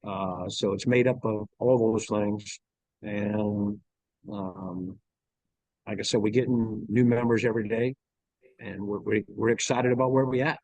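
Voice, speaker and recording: A middle-aged man with a Louisiana accent, a golf ranch owner in a casual interview, talking slowly and haltingly with many fillers. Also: on the low side, darkish tone, dry recording, low-quality recording.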